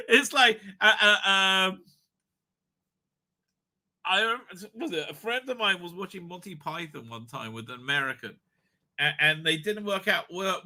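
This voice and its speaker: A man's voice: high voice, measured pace, long pauses, bright, forceful tone. A man hosting a casual live stream, rambling and swearing freely, with stammered fillers as he reacts to chat.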